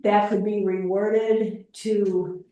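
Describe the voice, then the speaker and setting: A woman's voice: medium pitch, level tone, slow, dark tone, highs cut off. A woman on a town board, speaking hesitantly and searching for her words during a meeting. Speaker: board member. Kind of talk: public meeting discussion. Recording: echoey room, mic far off.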